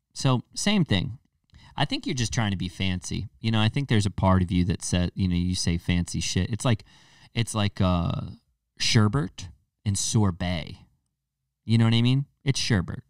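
A man's voice: fairly low pitch, expressive, moderate pace, dry recording, clean studio sound, distant mic. A young man with a New England accent, hosting a casual comedic podcast and ranting in a rambling, profane, jokey way. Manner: rambling, profane, jokey rants with sudden loud jumps. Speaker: podcast host.

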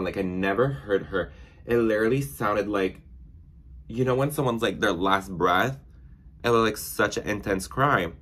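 A man's voice: on the low side, moderate pace, a bit bright. A young man chatting casually while doing makeup, rambling through stories with lots of filler words. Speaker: beauty vlogger.

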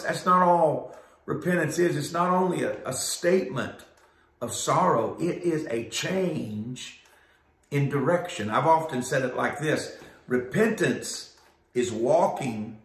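A man preaching a weekly devotional sermon, emphatic and drawn out, with rising peaks. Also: medium pitch. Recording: roomy echo.

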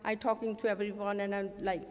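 A woman's voice: medium pitch, little pitch movement, a little fast, a little mellow, smooth, long reverb tail. A middle-aged woman from India with an Indian English accent, earnestly telling her own life story at a community storytelling show, voicing the people she met. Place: community event stage.

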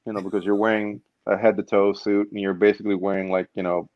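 A man's voice: on the low side, quick pace, dry recording, dull audio. A man guest in a casual interview, telling stories and acting out what people say. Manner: animated storyteller, acts out quotes. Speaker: stunt performer guest.

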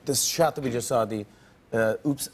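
A man's voice: mid-range voice, normal speed, slight background noise. A man hosting a late-night talk show, gushing and stammering with frequent laughs. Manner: enthusiastic, stammering, laughs a lot. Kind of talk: excited late-night interview. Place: TV studio with a live audience. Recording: cheering studio audience.

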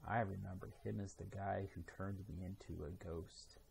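A man's voice: low voice, fairly even intonation, moderate pace, creaky, darkish tone, slight background noise. A man reading aloud, voicing a gloomy, grumbling young ghost ninja in a storybook. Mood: glum.

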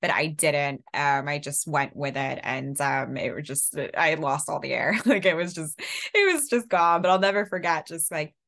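A young woman speaks in a relaxed, lowish voice, telling stories from her acting life. She gets animated, laughs easily and pops into high squealing voices when she quotes someone. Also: normal speed, gravelly. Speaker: actress, interview guest. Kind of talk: casual storytelling chat.

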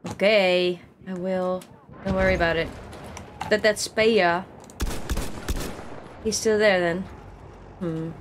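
A woman streamer giving excitable, chatty commentary while playing a shooter game, often exclaiming and laughing at herself. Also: lowish voice, slow pace, pauses often, background noise. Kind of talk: casual gameplay commentary. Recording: game gunfire loud behind the voice.

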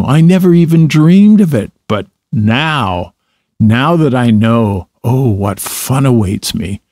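Male narrator doing vain, gushing toad gentleman, grand and breathless, storybook. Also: mid-range voice, dry recording, clean studio sound. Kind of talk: storybook reading.

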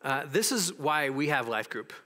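A man preaching a sermon as pastor, animated and acting out the voices of people in the story. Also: medium pitch, normal speed, in a large hall.

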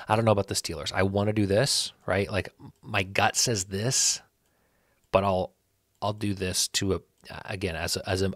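A man with a low voice talks through his picks in a casual solo commentary, correcting himself as he goes and growing animated when he rants. The sound is close and dry. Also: no room sound. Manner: rambling, self-correcting, animated when ranting. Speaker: sports channel host.

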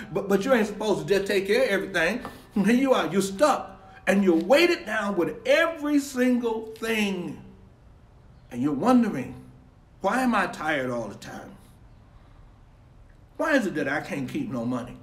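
A man preaching emphatically, repeating and restarting his words as he drives his points home, then praying for his online viewers. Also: high-pitched. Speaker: pastor. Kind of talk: livestreamed sermon and prayer. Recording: echoey room with faint ambient noise.

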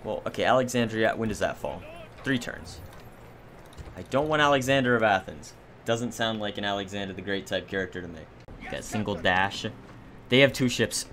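A man's voice: fairly low pitch, normal speed, long pauses, fairly bright tone, slight background noise. A man giving casual gameplay commentary as a let's play host, joking and sarcastic with mock-dramatic complaints.

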